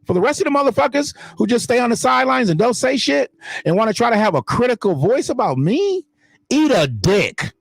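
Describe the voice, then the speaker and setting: A man's voice: very high voice, big pitch swings, a little fast, creaky, breathy edge, no room sound. A man hosting his own online show, talking in blunt, profane, emphatic casual commentary.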